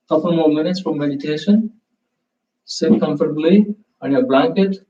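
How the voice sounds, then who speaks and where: A male yoga teacher leads a class through the close of practice into meditation, giving slow, soothing instructions. His voice is husky and airy, with some lines chanted softly. The recording sounds muffled and lo-fi. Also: a little high.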